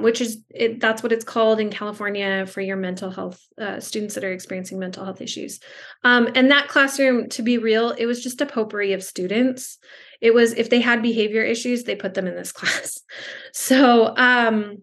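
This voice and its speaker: A chatty woman guest on a video call, speaking a little high, full of fillers and restarts, slipping into voices when she quotes people. her pace wanders in a loose, storytelling way. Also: a bit bright. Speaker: speech-language pathologist and guest. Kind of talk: casual conversational storytelling.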